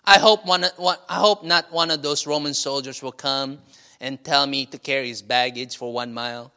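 A preacher doing a grumbling reluctant merchant. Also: male voice, fairly even intonation, normal speed, natural voice. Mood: worried. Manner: muttering, quieter and lower than the preacher.

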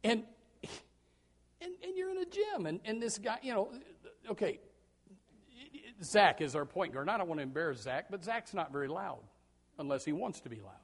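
A male pastor preaching with a high, lively voice that climbs and falls a lot. He talks in a folksy, joking way, with quiet asides and sudden loud shouted bursts. He often repeats words as he starts a thought. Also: normal speed, pauses often, slightly rough. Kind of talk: sermon.

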